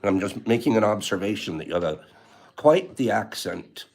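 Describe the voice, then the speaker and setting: A man's voice: fairly low pitch, animated, moderate pace, darkish tone, faint music behind. A man hosting a casual livestream, rambling and teasing as he reads viewer comments, laughing often. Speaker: livestream host.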